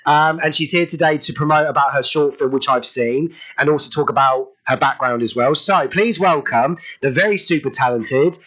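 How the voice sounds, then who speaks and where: Male radio host; gushing, rambling, filler-heavy; bright tone, lo-fi sound. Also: a little high, normal speed, hardly any pauses. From United Kingdom. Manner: chatty, effusive, rambling with many fillers. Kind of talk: casual radio chat.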